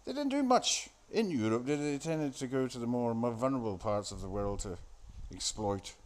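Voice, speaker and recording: A man's voice: medium pitch, lively intonation, fairly quick, few pauses. A man giving casual, rambling commentary on a film he is watching, sardonic and full of swearing. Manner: sardonic, crude, profane, off-the-cuff.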